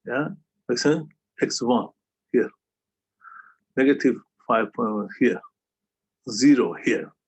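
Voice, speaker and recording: A man's voice: mid-range voice, breathy edge. A man teaching a calculus lesson over a video call, who keeps checking understanding with a questioning "yeah?". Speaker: math tutor.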